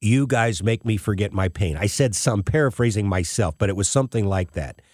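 A man's voice: fairly low pitch, fairly quick, a little mellow, dry recording, studio quality. A middle-aged man hosting a show, telling a personal story in an emotional, tearful way. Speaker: host.

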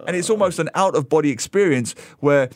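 Man telling animated stories on a dry studio mic. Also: on the high side, a little fast, dry recording. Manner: animated storyteller, slips into mimicking voices. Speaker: radio co-host. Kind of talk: casual radio chat.

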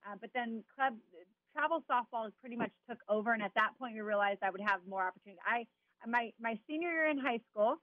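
A woman from Southern California, a former softball player, talking easygoing as an interview guest with lots of "you know" and "um". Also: on the high side, quick pace, dry recording, narrow, tinny audio. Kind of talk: casual interview chat.

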